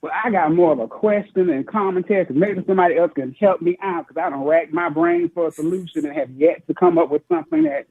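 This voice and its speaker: A man's voice: high voice, sing-song, quick pace, vocal fry, few pauses, dry recording. A man calling into a talk show, venting at length with a frustrated, ranting tone. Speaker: caller. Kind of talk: call-in commentary. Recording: tinny phone line, dry.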